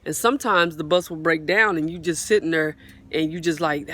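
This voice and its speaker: A woman's voice: on the low side, a little fast, background noise. Fervent woman telling a testimony. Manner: fervent, repetitive, often calls out to viewers. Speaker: faith vlogger sharing a testimony. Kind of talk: casual spoken testimony. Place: outdoors on a swing. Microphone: phone mic, sometimes partly covered.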